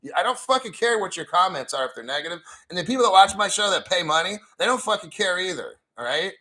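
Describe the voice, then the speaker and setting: A man's voice: high voice, animated, quick pace, sharp tone, low-quality recording. A middle-aged man hosting a livestream, ranting in a foul-mouthed, combative and rambling way. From United States. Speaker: crypto livestream host. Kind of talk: profane ranting livestream talk.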